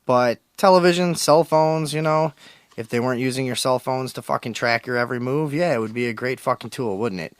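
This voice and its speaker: A man's voice: medium pitch, fairly quick, dry recording. Brief: man, radio host, profane and rambling, very dry close studio sound. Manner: crude, loose, swearing, mock-aggressive with callers. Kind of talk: profane call-in radio talk.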